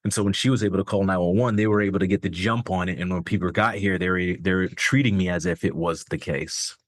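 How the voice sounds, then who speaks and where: As a podcast guest, a man with a very low, steady voice tells a personal story fast, in loose, candid, profane talk that leans on fillers like "like" and "man." The recording is dry and close.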